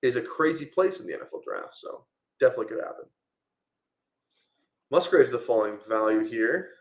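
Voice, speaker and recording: A man's voice: mid-range voice, lively intonation, brisk, echoey room. A man casually talking through a fantasy football draft on a live stream, rambling with lots of fillers.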